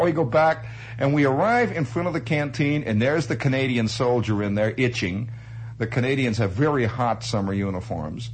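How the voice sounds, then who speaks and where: A man spinning a personal story with a very lively, swooping delivery at a mid pitch. He is chatty and animated, chuckling as he goes, over a faint hum. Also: moderate pace, low-quality recording. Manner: animated, chatty, laughs through his telling. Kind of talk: spoken anecdote.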